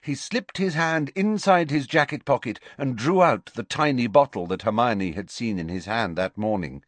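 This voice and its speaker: A man narrating an audiobook with an animated, dramatic reading. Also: medium pitch, moderate pace, dry recording. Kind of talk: scripted narration.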